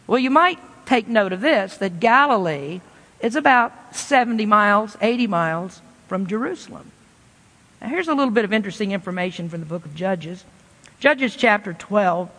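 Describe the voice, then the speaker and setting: Folksy preacher in a reverberant hall. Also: male voice, high voice, lively intonation, moderate pace, sharp tone. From Kentucky, USA. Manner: folksy, conversational preaching with homespun asides. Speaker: pastor. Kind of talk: sermon.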